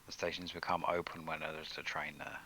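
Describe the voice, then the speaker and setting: A man with a very deep, gravelly voice and a bright, sharp edge, talking over a glitchy online voice chat. He chats casually with a fellow streamer and keeps his replies short and offhand. Faint music sits behind him. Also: level tone, brisk, a little hiss or hum, poor audio.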